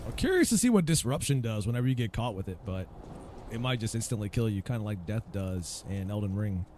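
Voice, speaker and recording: A man's voice: fairly low pitch, lively intonation, a little fast, background noise. A man giving casual, profane commentary while playing a game, ranting and talking to himself. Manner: ranting, swears freely, talks to himself while searching. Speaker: gaming video creator.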